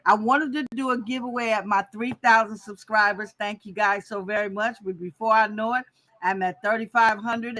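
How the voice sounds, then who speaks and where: Bright-voiced woman teaching quilting live. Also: medium pitch, rough recording. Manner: chatty, talks straight to the live chat. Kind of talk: casual live-stream tutorial.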